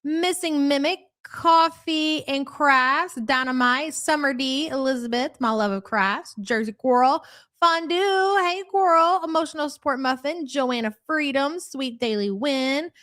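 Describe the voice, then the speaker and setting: Middle-aged female live-stream host with a high voice, brash and profane, casual chat. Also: unhurried, fairly bright tone. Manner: brash, swears freely, rattles off viewer names. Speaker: livestream host.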